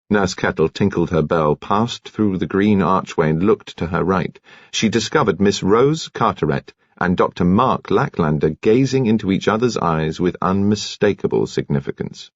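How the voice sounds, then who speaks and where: A man narrating an audiobook in a measured, expressive storytelling manner. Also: low-pitched, breathy edge, dry recording. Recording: dry, dull audiobook studio recording.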